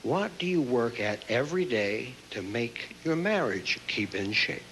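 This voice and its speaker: A man hosting a pageant, interviewing contestants on stage with quick, joking banter. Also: mid-range voice, animated, a bit bright. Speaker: pageant host. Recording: noisy live stage recording.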